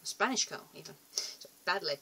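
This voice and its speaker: A woman's voice: lowish voice, animated, fairly quick, bright, forceful tone, a little hiss or hum. A young woman rambling casually to camera in a vlog, chatty and self-deprecating, often trailing off and restarting. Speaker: vlogger.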